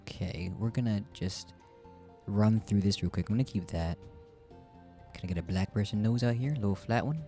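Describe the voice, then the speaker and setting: A man's voice: lowish voice, moderate pace, mellow, faint music behind. A man casually chatting through a game he is streaming, rambling and joking about himself. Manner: chatty, rambling, self-deprecating. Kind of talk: casual gameplay commentary.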